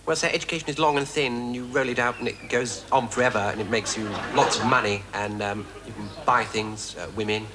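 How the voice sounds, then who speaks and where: A man's voice: mid-range voice, steady tone, brisk, few pauses, background noise. A man acting a flustered schoolboy in a comedy sketch, rambling with many hesitations.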